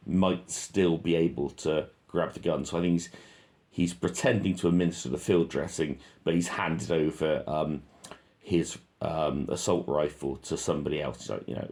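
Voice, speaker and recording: A man's voice: very deep voice, darkish tone. A man reading a transcript aloud and commenting on it, in an offhand way with many ums and self-corrections. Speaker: reader and commentator.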